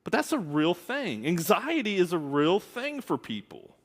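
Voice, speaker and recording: A minister preaches a sermon in a candid, conversational way, dropping in asides as he goes. His voice is high-pitched with huge pitch swings, and he speaks a little slowly. A long hall reverb trails his words.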